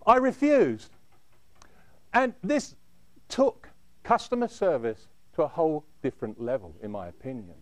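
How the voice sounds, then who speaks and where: A man telling a dramatic first-person story in a measured way, dropping low at the end of his phrases. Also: sing-song.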